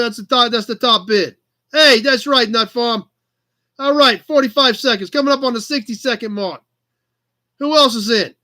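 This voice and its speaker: A man's voice: very high voice, sharp tone. A man voicing a brash, pushy New York auctioneer in a put-on New York accent, calling out bids. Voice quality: hammy, brash.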